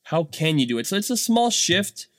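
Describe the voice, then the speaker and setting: A man's voice: sits high, very animated, normal speed, a bit bright, no echo, studio quality. A man in his thirties, a business owner and dad, talking casually and full of fillers and rhetorical "right?" checks. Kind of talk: casual monologue.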